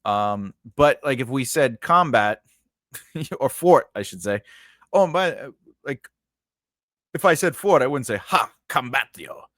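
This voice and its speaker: A man's voice: medium pitch, animated, a little slow, pauses often, a bit bright, no echo, clean studio sound. A man giving a casual lesson on building grammar for invented languages, rambling and correcting himself, often checking in with "right?". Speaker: writing teacher.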